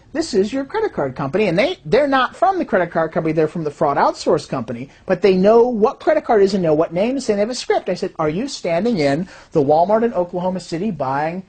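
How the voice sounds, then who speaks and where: Husky-voiced woman giving a lively explanatory talk and acting out the voices she quotes. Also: mid-range voice. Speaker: fraud detection systems designer.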